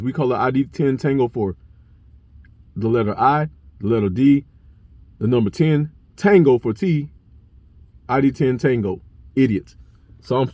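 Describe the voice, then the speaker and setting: A young man vlogging, telling a personal story to camera in a blunt, profane, animated way. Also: mid-range voice, dry recording. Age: young adult.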